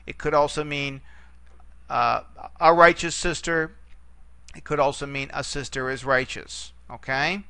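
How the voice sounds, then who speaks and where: A man's voice: mid-range voice, bright, forceful tone, clear, resonant tone, no echo. A middle-aged man lecturing on Greek grammar, explaining step by step and checking in with "okay?" again and again. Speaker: Greek teacher. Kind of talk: recorded classroom lecture.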